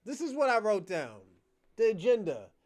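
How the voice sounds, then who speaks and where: A man's voice: high voice, huge pitch swings, moderate pace, darkish tone. A man hosting his own channel, ranting at his chat in a profane, combative, mocking way. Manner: mocking, laughs between jabs. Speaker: channel host. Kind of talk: livestream rant.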